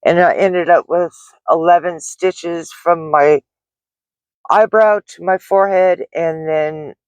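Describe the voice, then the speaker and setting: Slow-talking woman telling a shaken story. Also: lowish voice, steady tone, a little mellow, dry recording. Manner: rambling, shaken retelling with many restarts and fillers. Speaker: delivery driver and vlogger. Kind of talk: personal story vlog.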